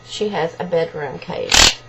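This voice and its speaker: A woman's voice: low-pitched, wildly swooping pitch, takes it slowly, vocal fry, over loud music, poor audio. A woman at home making a video of her pet parrot, talking to it in affectionate, cooing baby-talk. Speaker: pet owner. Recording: loud hum and buzzing noise behind.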